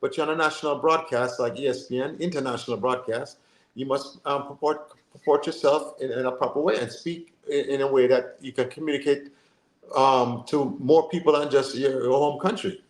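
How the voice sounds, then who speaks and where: A man, co-hosting a casual football podcast in an animated, rambling way. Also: mid-range voice, a little fast. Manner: animated, rambling, full of fillers and asides. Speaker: podcast co-host. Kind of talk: casual chat. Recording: roomy echo.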